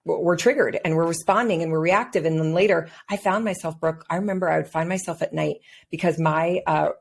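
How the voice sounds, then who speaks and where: A woman's voice: low voice, steady tone, a little fast, vocal fry. A woman hosting a podcast who is a mother, sharing her own experiences in an earnest, personal way. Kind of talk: casual interview talk.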